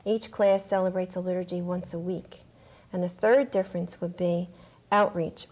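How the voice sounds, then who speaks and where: A woman's voice: lowish voice, mellow. Earnest woman school principal explaining. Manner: earnest and explanatory, with small hesitations. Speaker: school principal, religious sister. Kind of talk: studio panel discussion.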